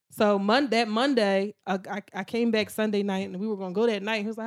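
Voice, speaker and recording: A young woman speaking tells a story in a casual podcast chat. She tells it in an animated way and breaks into loud acted-out quotes. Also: mid-range voice, fast talker, few pauses. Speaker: podcast host.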